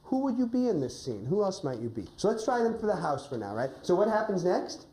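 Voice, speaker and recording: A woman's voice: medium pitch, big pitch swings, fairly quick, warm tone, echoey room, a little hiss or hum, poor audio. A woman coaching a teacher during a class, thinking aloud and often checking in with "right?".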